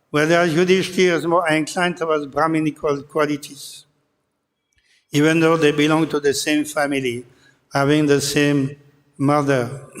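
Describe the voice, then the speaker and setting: A man giving a scripture class, speaking haltingly with many pauses and filler sounds. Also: a little high, fairly bright tone. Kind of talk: scripture lecture retelling an epic. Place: temple hall. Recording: long hall reverb.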